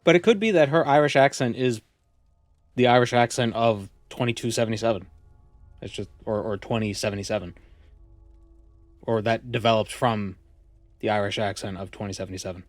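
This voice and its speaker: A man's voice: fairly low pitch, fairly quick, pauses often, no echo, soft background music. A man streaming a video game, chatting casually and musing aloud as he plays. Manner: musing, chatty, trails off and restarts. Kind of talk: casual gameplay commentary.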